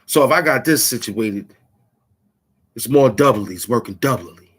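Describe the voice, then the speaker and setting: A man's voice: medium pitch, expressive, normal speed, fairly bright tone, slightly rough. A man hosting his own channel, taunting and boasting in a rambling trash-talk rant. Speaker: channel host. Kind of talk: trash-talking rant at the camera.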